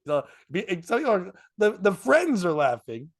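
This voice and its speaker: Male comedian podcast host, slightly raised pitch, animated, profane storyteller. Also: moderate pace. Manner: animated, laughs through his story, acts out other people's lines; swears freely. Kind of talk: casual storytelling chat.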